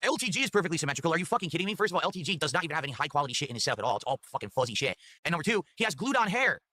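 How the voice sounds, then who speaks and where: A man's voice: a little high, very animated, rapid-fire, bright, forceful tone, no room sound. A man in his forties streaming from home, answering viewer tips in defensive, profane rants. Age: 40s. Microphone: desk microphone.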